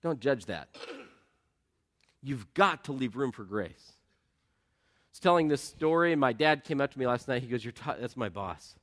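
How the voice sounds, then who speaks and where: A man's voice: medium pitch, animated, normal speed, long pauses, fairly bright tone. A middle-aged man preaching a sermon in an earnest, conversational way, asking the congregation questions and telling personal stories. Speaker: pastor.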